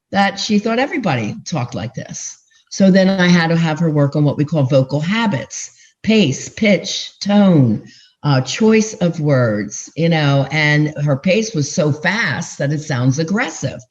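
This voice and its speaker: An older woman relationship coach explaining her methods to podcast hosts, telling stories animatedly with pitch jumps for emphasis. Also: darkish tone. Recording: dull, muffled sound.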